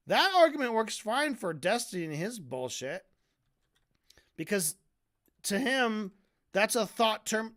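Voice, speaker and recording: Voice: medium pitch, expressive, unhurried, a bit bright. Debate streamer, casual profane rant, sarcastic, stumbles and repeats words. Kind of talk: casual ranting commentary.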